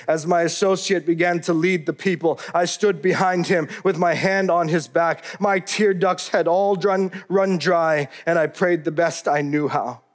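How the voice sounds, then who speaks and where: A man's voice: fairly high pitch, steady tone, a little slow, few pauses. Earnest man reading a memoir aloud. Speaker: narrator. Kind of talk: first-person memoir reading.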